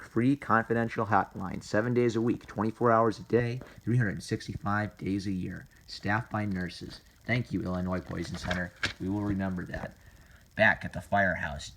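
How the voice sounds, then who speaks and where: Comic host, male, lowish voice, mock-earnest read-through of a kids' safety comic, faint background noise. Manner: mock-earnest, reading aloud with silly voices. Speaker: comedy video host.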